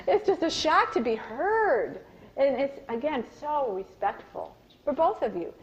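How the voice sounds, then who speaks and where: Woman presenting a live parenting talk; lively storyteller, slightly high voice, muffled recording. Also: slow. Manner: animated storytelling, acts out quoted voices. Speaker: parenting workshop speaker. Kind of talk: live workshop talk to an audience.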